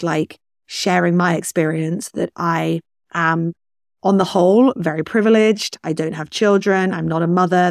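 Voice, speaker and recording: A woman's voice: on the low side, gravelly, no room sound, studio quality. A young woman hosting a podcast, frankly and emotionally sharing a personal story with casual swearing. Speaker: podcast host. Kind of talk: candid personal monologue.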